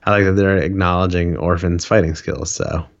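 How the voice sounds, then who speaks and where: A man's voice: low-pitched, steady tone, normal speed. A man hosting a casual comic book podcast, laid back and a little hesitant, recorded on a dull lo-fi mic. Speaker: podcast host.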